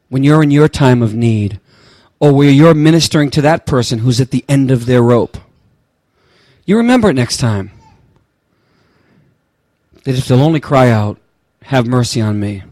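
A male pastor delivers a storytelling sermon in a middle-pitched voice. He moves between hushed, low moments and soaring, impassioned lines that near a shout. The recording is close and dry, with no room sound. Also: no room sound.

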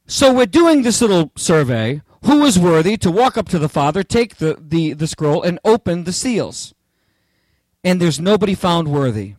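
A man preaching an expository sermon, animated and theatrical, joking with the congregation as he works through the verses. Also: high-pitched, a little slow, no echo.

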